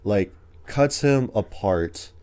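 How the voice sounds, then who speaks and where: A man's voice: fairly low pitch, animated, slow pace, warm tone. A man co-hosting a casual movie review podcast, recapping the plot in a rambling way with lots of filler words. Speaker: podcast co-host.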